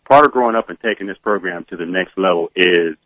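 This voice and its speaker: A man co-hosting a sports radio show from a distance, reflective and halting. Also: sits low, no room sound, narrow, tinny audio. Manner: halting, reflective, many restarts. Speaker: co-host. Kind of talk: remote radio commentary.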